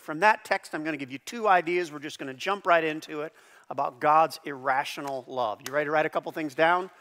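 A middle-aged man preaching a sermon as pastor, animated, with loud high bursts on the phrases he stresses. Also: fairly quick. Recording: long hall reverb.

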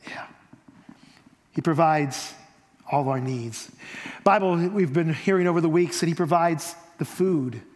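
A man preaching a sermon, swinging from loud emphasis down to near whispers. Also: a little high, unhurried, pauses often. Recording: long reverb of a hall.

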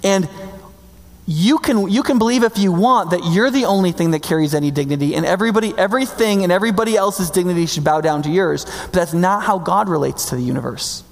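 A man preaching a sermon in a conversational, emphatic way, slowing down to stress key words. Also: high-pitched, gravelly. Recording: long reverb hall.

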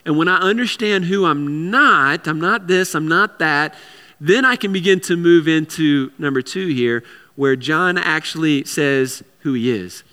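A man's voice: fairly high pitch, unhurried, sharp tone, smooth, in a large hall. A man preaching a sermon in a conversational way, with repeated words and casual asides. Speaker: pastor.

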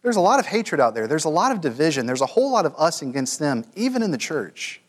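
A man's voice: fairly high pitch, big pitch swings, quick pace, in a large hall. A man preaching a sermon to a room of men, earnest and building to emphatic peaks, stumbling over repeated words.

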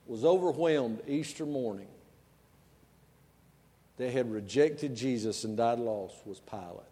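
A man preaching a sermon in a church, folksy and conversational, swinging between quiet asides and loud emphasis. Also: on the high side, long reverb tail. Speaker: pastor. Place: church sanctuary.

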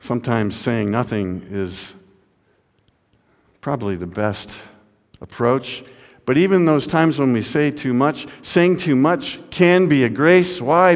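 Male pastor, mid pitch, dramatic sermon storyteller, sanctuary reverb. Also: lively intonation, slow pace. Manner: dramatic, swinging from hushed to raised. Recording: long hall reverb.

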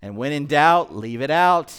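Male pastor, sermon delivery, animated, quizzes the room, fairly high, resonant voice. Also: measured pace, clear, resonant tone. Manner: animated, quizzes the congregation with questions. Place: church, in front of a congregation.

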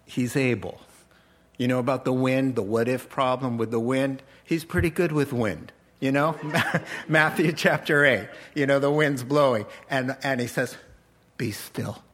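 A man preaching a sermon as pastor, animated and joking with laughing asides. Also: mid-range voice, normal speed.

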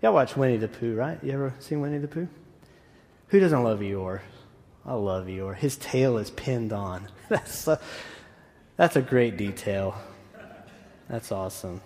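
A man's voice: mid-range voice, expressive, a little slow, long pauses, a little mellow. Conversational man preaching in a hall. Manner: conversational, enthusiastic preaching with asides. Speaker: pastor. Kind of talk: sermon. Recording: echoey hall.

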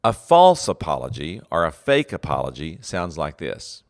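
Low-voiced man teaching about leadership. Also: huge pitch swings, moderate pace, few pauses. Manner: earnest, acts out example phrases with many fillers and restarts. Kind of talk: teaching talk.

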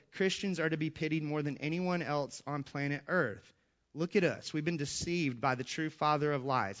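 A male pastor delivers a sermon at a middle pitch, swelling louder as he drives home repeated verses. The recording is slightly dull and lo-fi. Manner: emphatic, rising in volume on repeated scripture quotes.

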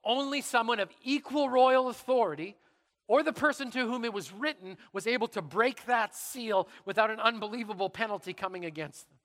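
A middle-aged man preaching a sermon in church, telling stories dramatically and dropping to a hush for emphasis. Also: very high voice, brisk, in a large hall. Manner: dramatic, animated storytelling with sudden drops to quiet. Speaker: pastor.

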